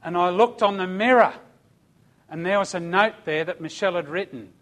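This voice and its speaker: A man's voice: high-pitched, moderate pace, a bit bright. Fervent man preaching. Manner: emphatic storytelling with calls of amen and hallelujah. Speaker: church speaker giving testimony. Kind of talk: sermon testimony.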